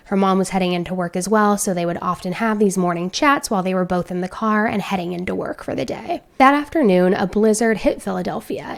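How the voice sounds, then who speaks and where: A woman's voice: medium pitch, a little mellow. Chatty woman narrating true crime. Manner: chatty, conversational asides.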